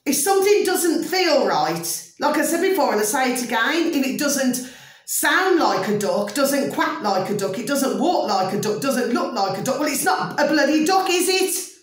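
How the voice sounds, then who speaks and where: A woman's voice: high-pitched, very animated, moderate pace, heavy reverb, far from the mic. A woman vlogger in an opinionated monologue, emphatic and ranting, forever asking her viewers if they see what she means. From United Kingdom.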